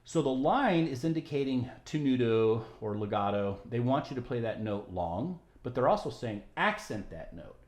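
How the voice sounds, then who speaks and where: A man's voice: mid-range voice, very animated, normal speed, hardly any pauses, a little mellow. A man teaching violin, explaining rhythm and bowing patiently step by step, often checking in with "right?". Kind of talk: music tutorial. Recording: roomy echo with violin. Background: violin playing.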